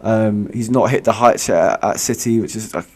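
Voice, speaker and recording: A man's voice: lowish voice, moderate pace, darkish tone. A man, co-hosting a football podcast in casual banter, playful, argumentative and slangy. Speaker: podcast co-host.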